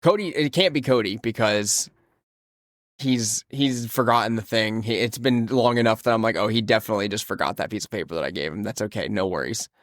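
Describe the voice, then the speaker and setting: A young man co-hosting a podcast, casually telling a story in an animated way while sick and feeling weak. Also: fairly low pitch, brisk, dry recording, clean studio sound. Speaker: podcast co-host. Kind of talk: casual chat.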